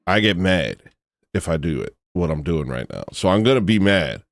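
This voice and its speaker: Goofy male streamer, somewhat low voice, rambling casual chat, soft music underneath. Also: very animated, moderate pace. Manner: rambling, self-deprecating, goofy. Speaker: livestream host.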